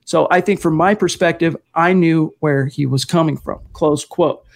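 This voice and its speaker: A man's voice: a little high, steady tone, normal speed, creaky. A man hosting a sports podcast, talking at length with detours and self-corrections. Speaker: podcast host. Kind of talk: casual sports podcast chat.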